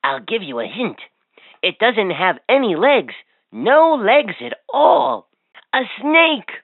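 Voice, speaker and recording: A woman with a mid-range voice and big pitch swings speaks slowly, heavily acted, on a dry recording. She voices lines for a cheerful, chatty talking toy, quizzing and teasing a child in playful sing-song through tinny, dry toy-speaker audio.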